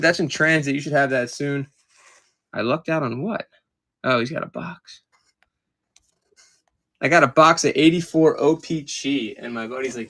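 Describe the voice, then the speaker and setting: A man from Maryland runs a casual live-stream auction of collectibles, chatting with viewers as he sorts through his stock. His voice sits at an average pitch, and he talks in a loose, distracted way, often stopping to look for things. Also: fairly bright tone, slight background noise.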